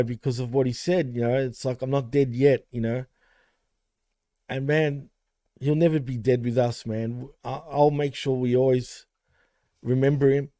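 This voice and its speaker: A man on a casual podcast speaks in a mellow, warm voice that stays dry and close to the mic. He rambles heartfelt and loose, with many fillers. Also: medium pitch, no echo. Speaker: podcast co-host.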